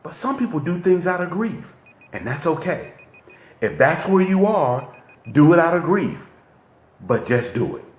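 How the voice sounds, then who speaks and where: A man's voice: fairly high pitch, unhurried, pauses often, echoey room. A man giving a motivational coaching talk, who keeps checking in with his listeners. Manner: lively, repetitive, checks in with "okay?". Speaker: relationship coach.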